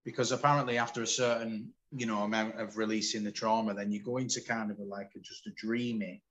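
A man in his forties from the UK, a podcast guest telling his story in candid, animated casual conversation. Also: lowish voice, fast talker, muffled recording. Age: 40s.

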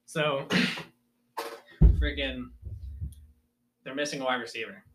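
A man's voice: medium pitch, slow, a little hiss or hum. A young man casually telling a story from his school sports days and acting out his coaches' lines. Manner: animated storyteller, acts out coaches yelling.

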